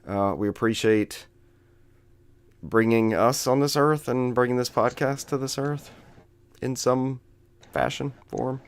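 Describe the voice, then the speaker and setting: A man's voice: mid-range voice, fairly even intonation, takes it slowly, long pauses, clear, resonant tone. A man hosting a casual video game podcast, rambling and joking with frequent laughs. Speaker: podcast host.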